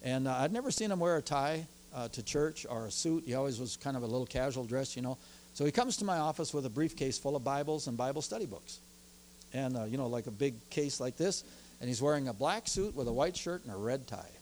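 A man preaching a sermon as pastor, telling stories from his church in an animated way and growing excited as he goes. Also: medium pitch, fairly quick, a little hiss or hum. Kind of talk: sermon with personal storytelling.

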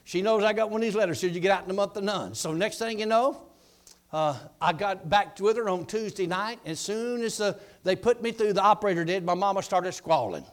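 A man preaching a testimony sermon, telling his story dramatically and shouting his declarations. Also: high voice, brisk.

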